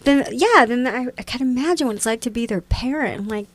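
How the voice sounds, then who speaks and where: Mimicking voices as she tells stories, a thirty-something woman guesting on a podcast chats with animated energy. Her pitch is fairly high and her delivery a bit quick.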